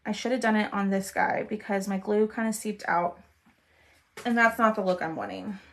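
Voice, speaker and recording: A woman's voice: mid-range voice, steady tone, moderate pace. A woman, chatting casually with viewers while she crafts on a livestream, trailing off as she concentrates.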